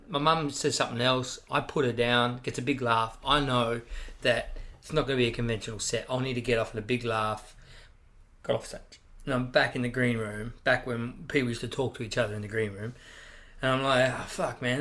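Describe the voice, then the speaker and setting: A man's voice: medium pitch, sharp tone. A middle-aged man with an Australian accent telling brash stories in casual chat, swearing freely and acting out quoted voices. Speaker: stand-up comedian guest. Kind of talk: casual storytelling.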